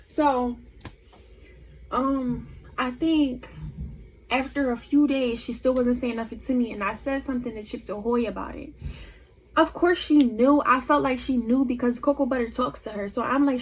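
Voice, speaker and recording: A young woman vlogger telling a storytime tale in an animated, emphatic way. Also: high voice, slight background noise. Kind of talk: storytime vlog.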